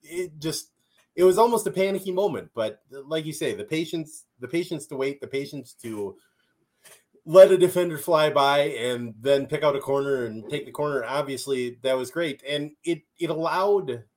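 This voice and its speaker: A man with an American accent co-hosting a casual sports podcast, talking in an animated way with sudden pitch jumps. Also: moderate pace. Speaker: podcast co-host.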